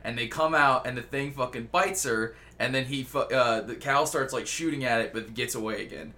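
A man casually telling a long story on a podcast, rambling, jokey and full of swearing. His voice is bright and forceful and sits at a middle pitch. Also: normal speed. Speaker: podcast host.

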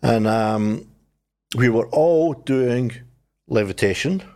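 An older man, telling his life story in a relaxed conversation and acting out the voices of people in it. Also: medium pitch, slow. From New Zealand. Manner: animated storyteller, acts out his own past voice and others. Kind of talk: conversational testimony.

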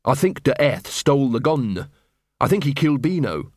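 A man's voice: mid-range voice, sing-song, moderate pace, darkish tone, dry recording, studio quality. A man doing an earnest, weary young watchman.

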